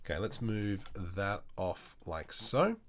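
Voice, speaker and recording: A man's voice: lowish voice, expressive, slow pace, a little hiss or hum. An Australian man live-streaming his 3D work, chatting with viewers and thinking aloud as he works. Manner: chatty, thinks aloud, mutters while working. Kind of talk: casual live-stream tutorial.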